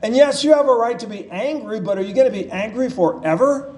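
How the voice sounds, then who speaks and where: A man's voice: extremely high pitch, a little fast, darkish tone. A man preaching a sermon in a conversational way, paraphrasing scripture and asking rhetorical questions. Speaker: pastor.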